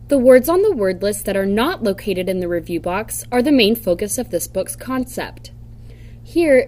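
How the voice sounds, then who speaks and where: A woman's voice: medium pitch, a little mellow. A woman giving scripted instructional narration for a reading program, carefully sounding out example words. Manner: slow, careful demonstration of word sounds.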